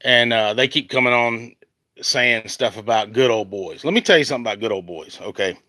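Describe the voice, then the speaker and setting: A man's voice: mid-range voice, brisk, bright, forceful tone, no echo. A man from the American South with a Southern accent, ranting casually on a phone livestream outdoors, rambling and restarting as he gets worked up. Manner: rambling, heated, restarts often. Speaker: country singer on a livestream. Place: outdoors in the heat. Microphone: phone at arm's length.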